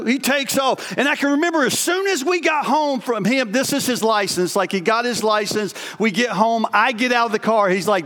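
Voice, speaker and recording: A man in his forties delivers a sermon with a very high voice. He talks in a lively, conversational way, telling stories and turning to the congregation with asides. The long reverb of a church sanctuary hangs behind every line. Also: brisk, few pauses. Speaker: pastor.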